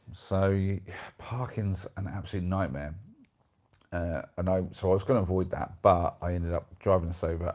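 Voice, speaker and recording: Deep-voiced chatty Englishman. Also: a little mellow. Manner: chatty, rambling, self-deprecating. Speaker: live stream host. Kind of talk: casual chat reading viewer comments.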